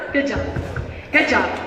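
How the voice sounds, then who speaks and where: A high-voiced woman emcees a school game show, calling out dares and cheering each contestant on. Her voice carries through a big echoing hall, picked up from far off. A lively crowd murmurs behind her over steady background noise. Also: extremely slow. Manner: upbeat and encouraging, calling out dares. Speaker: event host. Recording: echoey hall recorded from far off.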